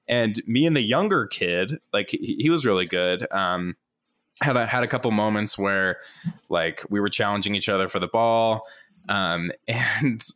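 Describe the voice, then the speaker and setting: A young man telling a long story in casual chat, full of "like" fillers, laughing often and jumping up in pitch to mimic people. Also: moderate pace. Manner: animated, mimics others in higher voice.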